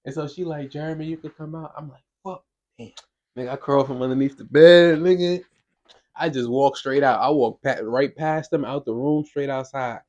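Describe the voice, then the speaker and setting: A young man from Brooklyn, telling a wild story on a podcast in a casual, profane, animated way. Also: mid-range voice, normal speed, lo-fi sound. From Brooklyn, New York. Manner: animated, profane, acts out voices in quotes.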